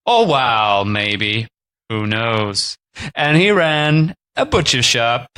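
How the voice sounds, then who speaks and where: A man voicing an old cafe owner, talking slowly in a halting old-man voice. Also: mid-range voice, lively intonation, pushed and bright, clean tone. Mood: musing. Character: old man recalling his cafe days.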